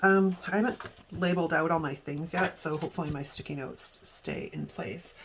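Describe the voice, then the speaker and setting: A woman's voice: sits low, moderate pace, heavy background noise. A young adult woman chatting casually as she plans, giggling and thinking aloud in a playful put-on accent. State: sore back. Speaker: planner vlogger. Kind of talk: casual plan-with-me chat.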